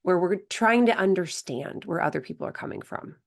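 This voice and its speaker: A woman's voice: fairly low pitch, animated, a little fast, gravelly. A woman hosting a podcast as a performance coach, speaking in a thoughtful, reflective way. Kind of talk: podcast conversation.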